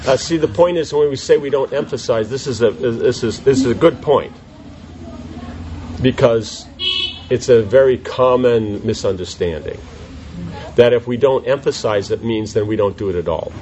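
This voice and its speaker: A man teaching a class in an informal question-and-answer session, animated and full of rhetorical questions. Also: mid-range voice, normal speed, noisy background.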